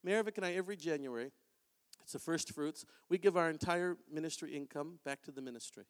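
A man preaching a sermon in a church, in an animated, conversational way. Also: a little high, fast talker. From Canada. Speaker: pastor. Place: church sanctuary. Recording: long hall reverb.

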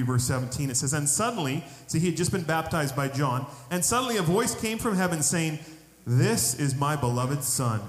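A man preaching a sermon, telling a personal testimony in an animated storytelling way and building to emphatic appeals. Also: mid-range voice. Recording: echoey hall with long reverb.

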